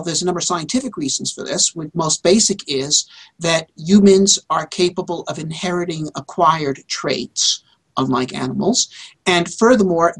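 A man's voice: sits high, fairly bright tone. A man speaks as a guest author in an interview. His delivery is emphatic and insistent. He often repeats words and restarts his sentences mid-thought. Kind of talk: interview answers.

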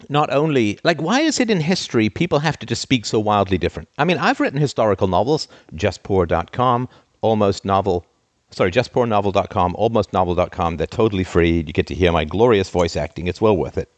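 A man hosting a live show, ranting in an exasperated, sarcastic way with big theatrical swings in pitch. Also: animated, a little fast, dry recording. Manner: theatrical, trained speaking voice. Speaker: host.

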